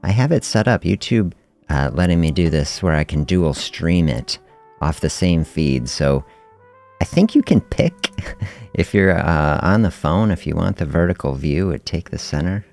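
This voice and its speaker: A middle-aged man with an exceptionally deep voice hosts a health podcast livestream and tells stories casually. He sounds relaxed and reflective and chuckles often. Soft music plays faintly underneath. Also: measured pace, creaky. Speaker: host of a fasting health podcast.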